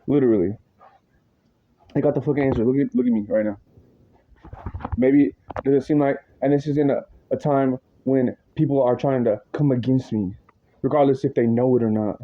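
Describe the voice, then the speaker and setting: A worked-up man rants to the camera in a long, rambling monologue, swearing freely and tossing in slang as he circles back over his point. His voice sits in an ordinary middle pitch. The audio is dull and a little lo-fi. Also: fairly even intonation, moderate pace, slight background noise. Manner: agitated, profane, rambling with slang asides.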